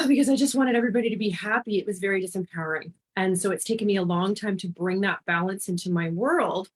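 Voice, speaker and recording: A woman from Canada talks as a podcast guest, speaking in an earnest, heartfelt way. Her voice sits at a middle height for a woman, neither high nor low. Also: fast talker, breathy edge. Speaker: guest, intuitive life and business mentor. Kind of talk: podcast interview.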